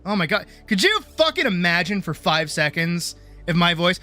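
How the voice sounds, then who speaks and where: Woman streamer, casual chat, profane, self-mocking, very lively pitch, faint music. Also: moderate pace.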